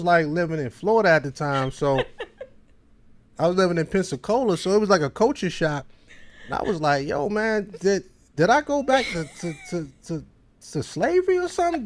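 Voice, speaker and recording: A man's voice: a little high, expressive, normal speed, fairly bright tone, slight background noise. A man with a Baltimore accent hosting a podcast, telling a long, rambling story in casual slang. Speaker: podcast host.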